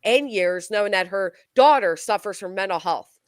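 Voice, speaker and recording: A woman's voice: mid-range voice, expressive, moderate pace, dry recording. A woman hosting a casual true-crime chat, outspoken and indignant as she reacts. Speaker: true-crime commentary host.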